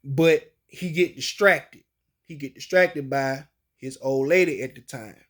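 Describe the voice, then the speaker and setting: A man's voice: mid-range voice, unhurried. A man telling a personal story in casual, slangy, colloquial speech.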